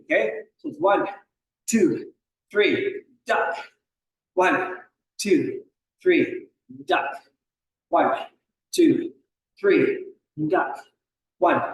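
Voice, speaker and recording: Male fitness instructor, encouraging, counts reps; high voice, distant mic in a very echoey room. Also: slight background noise. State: slight cough. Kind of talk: coaching an exercise class.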